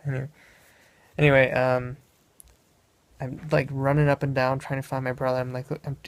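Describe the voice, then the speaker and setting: A young man from Wisconsin tells a travel story in a casual, rambling way. His voice stays flat, with a gravelly, creaky edge, recorded close and dry. He often breaks off mid-sentence to correct himself. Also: mid-range voice, moderate pace, no echo. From Wisconsin, USA. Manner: meandering, self-correcting anecdote telling. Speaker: vlogger.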